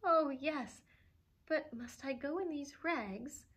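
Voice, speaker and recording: A woman reading aloud and voicing Cinderella, a meek, gentle young girl who speaks in a soft, pleading way. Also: high voice, slow pace, voice pushed up.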